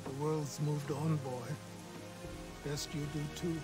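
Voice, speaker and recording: An actor playing a curt, hostile old man in a video game, with loud game music behind him. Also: on the high side, steady tone, slow pace. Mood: stern. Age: older. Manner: curt, scornful, commanding.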